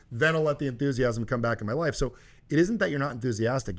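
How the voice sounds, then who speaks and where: A man hosting a show and coaching a caller, talking emphatically with loud, high bursts. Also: quick pace. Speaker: host and coach.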